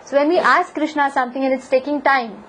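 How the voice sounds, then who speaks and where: A woman giving a devotional lecture, telling a scripture story in a lively way and asking her listeners questions. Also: high voice, fast talker, a little hiss or hum, rough recording. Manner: animated storyteller, asks the audience questions. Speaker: spiritual lecturer.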